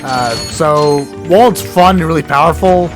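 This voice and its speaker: A man hosting a let's play, giving casual rambling commentary with frequent self-corrections and jokey asides, his voice going hoarse and cracking. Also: a little high, moderate pace. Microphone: desk mic with a cable that gets knocked. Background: game music.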